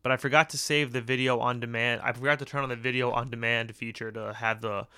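Crude joking man, bright close voice. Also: mid-range voice, little pitch movement, quick pace, clear, resonant tone, dry recording. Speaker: podcast host. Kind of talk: casual solo podcast rant.

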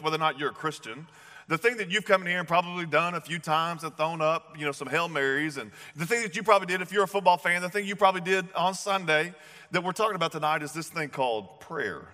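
A man delivers a sermon in a relaxed, storytelling manner. His voice sits a little high and sounds bright and forceful. The sound carries the long reverb of a large church hall. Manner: casual, storytelling, chatty with slang. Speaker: pastor.

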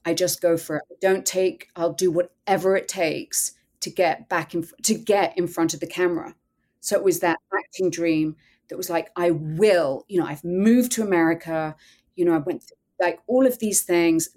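A woman's voice: on the low side, moderate pace, darkish tone. A woman guest telling a personal story in a podcast interview, earnest and candid, often quoting her own thoughts.

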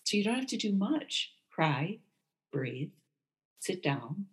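A woman's voice: fairly low pitch, slow. Candid woman co-hosting a casual talk. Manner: candid, animated storytelling with lively quoted voices. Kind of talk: casual chat.

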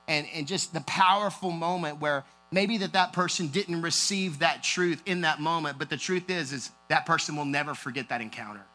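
High, bright-voiced man preaching a sermon. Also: moderate pace, hardly any pauses, low-quality recording. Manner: earnest preaching, rising to emphatic intensity. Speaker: pastor.

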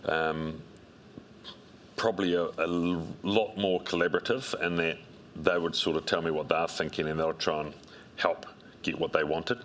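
Very deep-voiced New man, relaxed. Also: normal speed, a little hiss or hum. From New Zealand. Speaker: strength and conditioning coach, guest. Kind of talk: interview storytelling.

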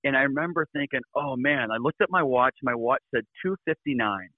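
A man, a guest in a radio interview, telling a personal story in an animated way and laughing between lines. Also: medium pitch, quick pace, no echo, narrow, tinny audio.

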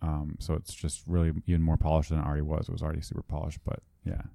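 A man hosting a casual podcast, relaxed and chatty, laughing easily. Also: a bass voice, rapid-fire, creaky, no room sound, studio quality. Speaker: podcast host.

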